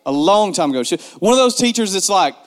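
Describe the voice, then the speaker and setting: High-voiced man telling a comic story. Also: fast. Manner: animated, repeats for emphasis, self-mocking. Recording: long hall reverb.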